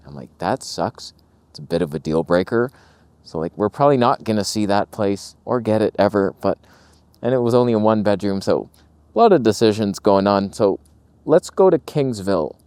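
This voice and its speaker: A man's voice: lowish voice, mellow, dry recording. A man vlogging casually while walking outdoors, rambling through wry, jokey stories. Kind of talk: casual vlog chat. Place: walking outdoors in a small town.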